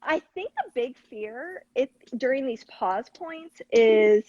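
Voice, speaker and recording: A woman's voice: a little high, expressive, slow pace, a little mellow, dry recording, muffled recording. A woman host explaining techniques in an earnest, coaching tone. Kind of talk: conversational teaching.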